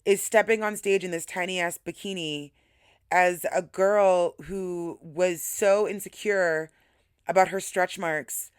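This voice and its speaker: A woman's voice: fairly low pitch, fairly even intonation, slow pace, smooth, no room sound, studio quality. A young adult woman hosting a podcast, telling a story casually, swearing freely and hyping herself up emphatically. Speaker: podcast host.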